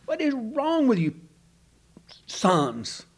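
A man's voice: very high-pitched, huge pitch swings, drawn-out words, slight background noise, pitched above the performer's own voice, exaggerated voice. A man voicing an exasperated aging father who scolds his grown sons in disbelief. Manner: incredulous, scolding.

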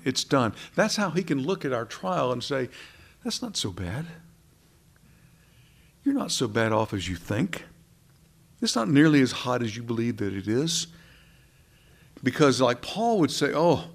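A man preaching a sermon in an earnest, conversational way, asking his listeners questions and swinging between soft and emphatic delivery. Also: medium pitch, vocal fry. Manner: conversational, asks the congregation questions.

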